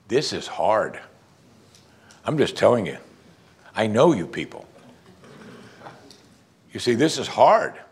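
A man preaching a sermon, animated and conversational, acting out quoted voices and jokes for the congregation. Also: fairly low pitch, husky. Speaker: pastor.

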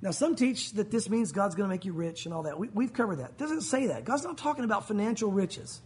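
A man's voice: sits high, sing-song, a little fast, darkish tone, husky. A man preaching a sermon as pastor, conversational and emphatic, mixing jokes with teaching.

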